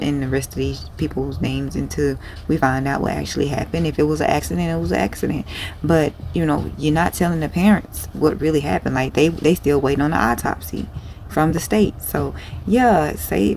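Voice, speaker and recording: A woman's voice: sits low, a little mellow, a little hiss or hum. A woman who sells clothes online, talking in a casual vlog in a rambling, blunt, profane way. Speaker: small online clothing seller.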